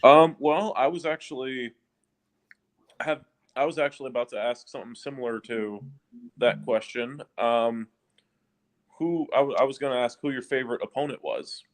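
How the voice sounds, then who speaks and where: A man co-hosting a podcast, asking a question in a soft-spoken, hesitant way and stumbling over his words. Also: mid-range voice, moderate pace, long pauses. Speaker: podcast co-host. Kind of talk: casual chat.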